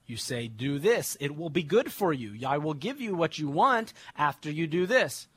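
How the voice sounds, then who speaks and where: A young adult man preaching, reading scripture slowly and then explaining it in casual everyday words. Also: on the high side, big pitch swings, husky.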